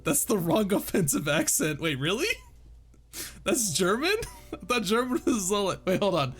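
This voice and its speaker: With faint music playing behind him, a man on a casual stream reads a novel aloud to chat at normal speed. His high, fairly bright voice is very animated, and he keeps breaking in with jokes, swearing and laughing asides.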